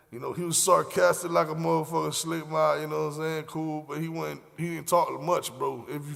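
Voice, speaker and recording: A young man spins a rambling, slang-heavy story on his podcast. His voice is deeply gravelly and sits a little high. The recording carries a long reverb tail. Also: fairly bright tone. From Miami, Florida. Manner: slangy, profane, loose rambling with many fillers. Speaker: podcast host. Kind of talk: casual storytelling.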